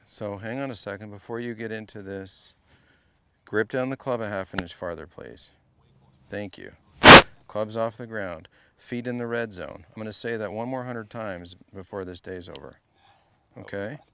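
A man runs a hands-on golf lesson with a gravelly, low-set voice. He teases his student and keeps drilling the same short cues, half joking and half demanding. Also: slight background noise. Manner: playful, teasing coach who drills short cues. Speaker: golf coach. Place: golf academy practice area.

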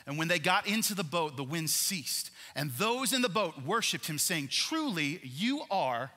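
Husky-voiced preaching man in a reverberant hall. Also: a little high, moderate pace. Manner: animated preaching, swings from loud to hushed. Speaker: pastor. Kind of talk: sermon.

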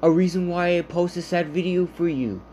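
A man talking casually to his viewers in a halting, rambling way, full of restarts, earnestly reassuring them. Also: high voice, dark tone, slight background noise. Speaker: vlogger. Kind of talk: casual talk to camera.

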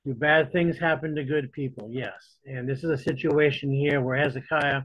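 A man's voice: mid-range voice, normal speed, fairly bright tone, no room sound. A man teaching a church Bible study in a conversational way, often repeating words as he restarts. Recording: dull lo-fi dry recording.

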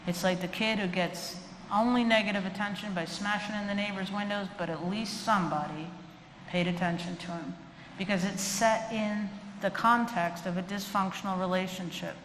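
A woman's voice: medium pitch, fairly even intonation, normal speed, a bit bright. A woman giving a humorous live lecture on animal behavior and fear, acting out the voices of the people she quotes. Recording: echoey hall, faint room noise.

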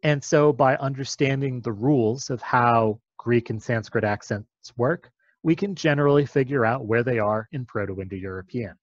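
A man's voice: mid-range voice, moderate pace, no room sound, dull audio. A man explaining a topic step by step in a patient, methodical lecture.

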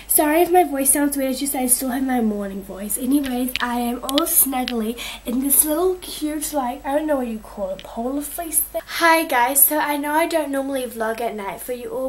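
A woman chatting casually to her viewers in a vlog, bubbly with greetings and often filling pauses with "anyways". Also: high voice, slight background noise. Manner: chatty, fills gaps with "anyways". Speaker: vlogger.

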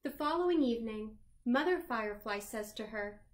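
A woman librarian reading a picture book aloud to children, gently asking them questions along the way. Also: on the high side, expressive, normal speed, hardly any pauses. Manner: sings the chorus lines in a lilting voice.

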